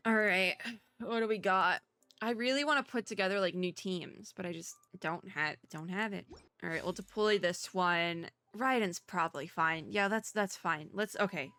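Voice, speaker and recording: A young woman doing let's play commentary on a video game, animated and chatty, laughing to herself. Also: medium pitch, moderate pace, clear, resonant tone, no echo. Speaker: gaming YouTuber.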